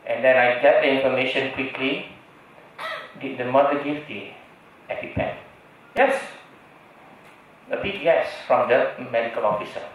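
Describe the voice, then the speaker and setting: A man with a Malaysian English accent gives a health lecture to an audience, chatty and often checking in with listeners. His voice sits at an ordinary middle pitch. It is picked up from a distance in a very echoey hall, a little dull, with faint room noise behind. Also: moderate pace, pauses often. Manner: chatty, checks in with the audience using "right?" and "okay?". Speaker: doctor giving a public health talk.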